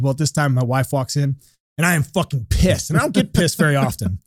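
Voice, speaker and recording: A man's voice: fairly high pitch, quick pace, dry recording, studio quality. A man co-hosting a podcast, telling a heated, profane story in a casual chat. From St. Louis area. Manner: profane, heated, animated retelling. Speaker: podcast co-host.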